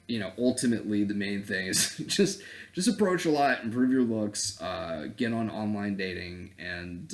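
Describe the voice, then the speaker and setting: A man vlogging as a dating coach in a casual, profane rant, blunt and breaking into laughing asides. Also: fairly low pitch.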